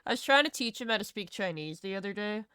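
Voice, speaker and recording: A woman's voice: medium pitch, expressive, quick pace, bright, forceful tone, clear, resonant tone, no room sound, clean studio sound. A woman with a Southern US accent chatting casually on a live stream while she draws, rambling, laughing and swearing freely. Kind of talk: casual chat while drawing.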